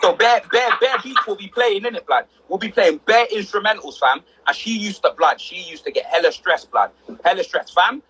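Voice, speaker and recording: A young man, telling animated stories on a livestream, full of street slang and acted-out quotes. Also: high voice, normal speed, slight background noise, low-quality recording. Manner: slang-heavy, excitable, acts out quotes. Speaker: livestream host.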